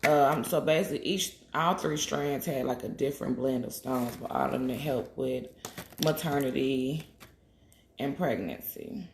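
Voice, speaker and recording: A woman with a bass voice and lively intonation hosts a casual livestream while making healing waist beads, speaking at a moderate pace. She's blunt, profane and chatty, reading viewers' comments aloud. The recording has a roomy echo and slight background noise.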